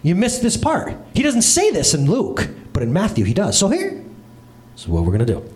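A man's voice: high-pitched, wildly swooping pitch, fairly quick, a little mellow. A man preaching a casual, joking sermon as a pastor, chatting with his congregation by name and with viewers online. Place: church service with congregation and livestream.

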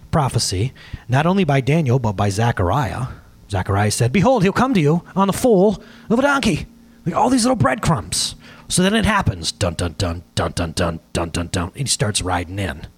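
A man preaching a sermon to his congregation, emphatic and animated, asking for slides as he goes. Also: mid-range voice, husky. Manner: asks for slides during the talk. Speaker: pastor.

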